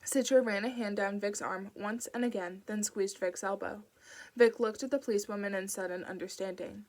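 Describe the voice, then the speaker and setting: A woman's voice: medium pitch, steady tone, normal speed, darkish tone. Woman reading a novel aloud. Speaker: audiobook reader. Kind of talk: audiobook narration.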